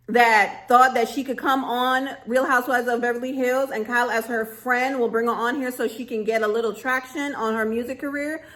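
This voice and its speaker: Woman vlogger on a camera mic, sassy casual rant, fairly high voice, quick laughs. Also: fairly bright tone. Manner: sassy, emphatic, often laughing. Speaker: vlogger reviewing a reality show.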